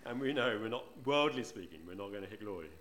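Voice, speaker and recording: A man's voice: lowish voice, animated, fast, fairly bright tone. A man preaching a sermon in church, conversational, often asking the congregation rhetorical questions. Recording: roomy church echo.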